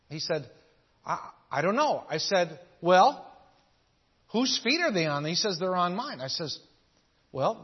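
A man's voice: high-pitched, breathy edge. A man preaching a sermon, telling a personal story with fervent emphasis that rises and falls. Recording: dull sound in a reverberant hall.

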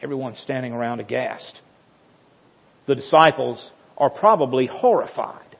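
Husky preacher man in an echoing hall. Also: medium pitch, expressive, normal speed. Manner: dramatic storytelling with emphatic repetition. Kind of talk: sermon. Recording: dull sound with long hall reverb.

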